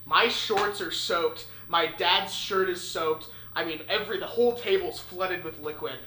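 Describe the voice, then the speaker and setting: Brief: young male podcast host, lively anecdote with swearing, slightly high voice, faint background noise. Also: moderate pace. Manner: animated, swearing, acts out voices. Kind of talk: casual storytelling. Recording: echoey room with faint noise.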